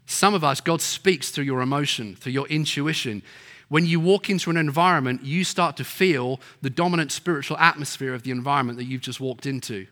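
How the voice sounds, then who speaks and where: Bright-voiced man preaching. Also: mid-range voice, a little fast. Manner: storytelling, acts out quoted voices. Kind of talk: sermon.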